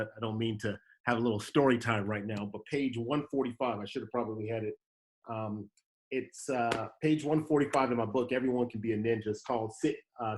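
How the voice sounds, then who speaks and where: Guy in his 30s hosting, animated storyteller, average pitch, acts out the quotes. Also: low-quality recording. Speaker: host. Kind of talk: motivational storytelling talk.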